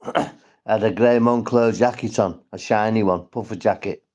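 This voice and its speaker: A man's voice: lowish voice, fairly even intonation, moderate pace, a little mellow, muffled recording. A man from St Helens with a northwest English accent, rambling and swearing as he chats to viewers on a casual livestream. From St Helens, England.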